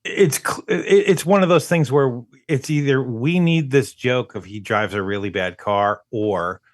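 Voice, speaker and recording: A man's voice: medium pitch, a little slow, dry recording, clean studio sound. A man co-hosting a movie podcast, talking casually with lots of stammering restarts as he picks apart a film. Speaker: podcast co-host. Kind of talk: casual movie review chat.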